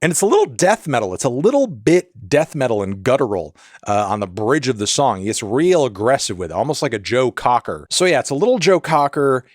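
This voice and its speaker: A male music critic talking to camera in a casual review, with a mid-pitched voice. He jokes and suddenly jumps up in pitch when he gets animated. The sound is dry and close. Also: brisk, dry recording.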